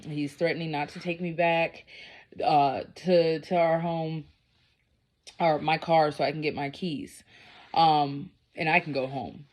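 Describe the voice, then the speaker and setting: A woman's voice: deep voice, sing-song, measured pace, a bit bright. A woman vlogger telling a personal story in a casual, blunt, profane and rambling way.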